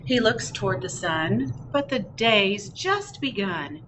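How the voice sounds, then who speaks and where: A woman librarian reading picture books aloud at storytime, expressive, with chatty asides in a public library. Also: mid-range voice, takes it slowly, noisy background. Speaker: children's librarian. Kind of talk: picture book read-aloud.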